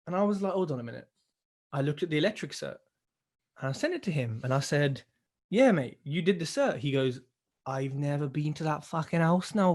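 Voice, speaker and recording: Young male co-host, slightly higher voice, casual anecdotal delivery with acted-out quotes. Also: a little fast. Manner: animated, swears, acts out others' lines. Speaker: podcast co-host. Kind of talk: casual storytelling chat.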